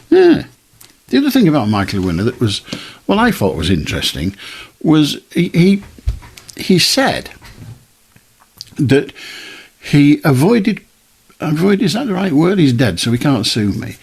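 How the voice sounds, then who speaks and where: Blunt husky radio phone-in host. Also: male voice, mid-range voice, darkish tone. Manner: firm, blunt, chatty. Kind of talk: late-night radio phone-in chat.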